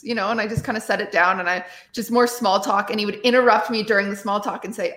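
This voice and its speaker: A woman's voice: mid-range voice, fairly even intonation, fast talker, a bit bright. Rambling woman telling a story, roomy. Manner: rambling, full of "like" fillers. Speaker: livestreamer. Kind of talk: casual storytelling. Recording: roomy echo.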